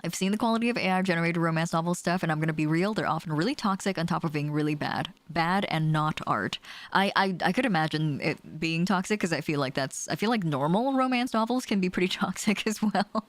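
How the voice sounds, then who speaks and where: A young woman chats with her stream audience, her voice low-pitched yet bouncing all over in lively swings. She laughs easily and swears casually. The sound is close and dry, from a desk microphone in a small closed room. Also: fairly quick, dry recording. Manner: animated, swears casually, laughs often, reads chat aloud. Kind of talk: casual chat with live chat while gaming.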